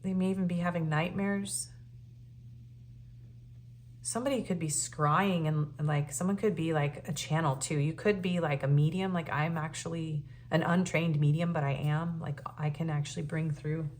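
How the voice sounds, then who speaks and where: Woman tarot reader, slightly low voice, earnest and emotional, casual filler-heavy delivery, faint background hum. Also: steady tone, normal speed, darkish tone. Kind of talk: casual spoken tarot reading.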